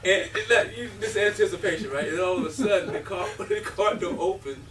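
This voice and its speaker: Animated man telling stories in a roomy hall. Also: high voice, fairly quick, a crowd in the background. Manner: lively storyteller who acts out quotes and laughs often. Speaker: guest speaker, former college basketball player. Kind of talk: animated storytelling speech. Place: restaurant breakfast event. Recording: roomy, from a distance.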